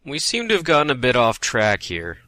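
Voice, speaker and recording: A man co-hosting a comedy talk-show sketch, flustered and deadpan with a rude guest. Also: medium pitch, a little fast, no room sound. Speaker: co-host.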